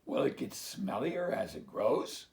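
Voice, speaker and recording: A man voicing a herd of slow, grumbling farm cows in a storybook read-aloud. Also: mid-range voice, big pitch swings, creaky, darkish tone.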